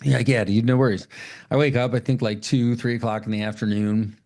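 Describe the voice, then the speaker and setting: A man's voice: medium pitch, level tone, fairly quick, darkish tone. A middle-aged man, tired from little sleep, co-hosting a podcast in loose, rambling chat full of swearing. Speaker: podcast co-host. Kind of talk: casual chat.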